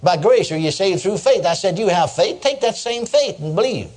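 A man's voice: sits high, animated, normal speed, darkish tone. An older man preaching a sermon, telling stories in a folksy way and chuckling as he goes. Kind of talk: sermon with storytelling.

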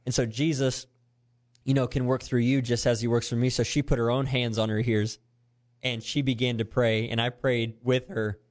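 A youth pastor animatedly tells a story in conversation, earnestly acting out the voices of the people in it. His mid-range voice moves at a normal speed.

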